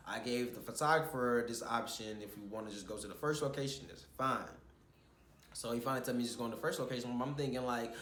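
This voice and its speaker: In a casual vlog, a young man rambles through the story of a stressful shoot, getting animated and swearing as he retells his frustrations. His medium-pitched voice moves fast, and the sound is roomy with slight background noise.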